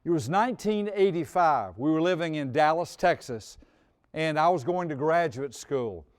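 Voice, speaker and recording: A man's voice: on the high side, expressive, moderate pace. A man in his sixties telling a personal story on stage before an audience, folksy and humorous, sometimes repeating his words. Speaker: speaker on personality types.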